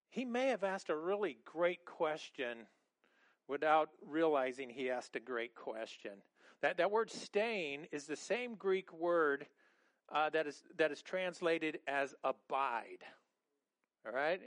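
A middle-aged man preaching a sermon in an animated, conversational way, often repeating words and restarting his sentences. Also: high-pitched, dry recording. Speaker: pastor.

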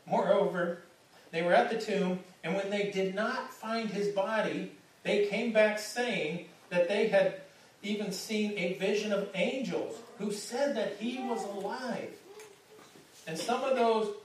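Captured on a distant mic in an echoey hall, a male pastor gives a conversational sermon, frequently repeating words at the start of phrases. His voice sits high, and there's a little hiss or hum.

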